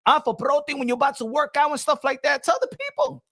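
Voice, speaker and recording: A man hosting a boxing livestream, loud and joking, switching between languages while reading super chats. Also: very high-pitched, steady tone, fast talker, gravelly, dry recording, studio quality. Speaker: boxing show host.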